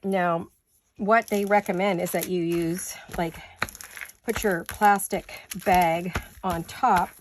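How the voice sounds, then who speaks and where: A woman's voice: on the low side, steady tone, slow, slight background noise. A tired, slightly breathless woman chatting casually through a home craft tutorial, rambling and losing her words. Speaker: craft vlogger.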